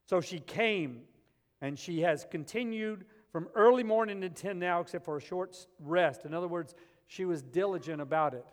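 A high-voiced pastor preaches at a normal pace, weaving humorous, lively stories into his lesson. His words echo with the long reverb of a big hall.

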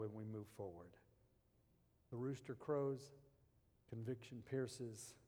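A man preaching a sermon, moving between hushed, intimate passages and loud, emphatic ones. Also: mid-range voice. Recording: long hall reverb.

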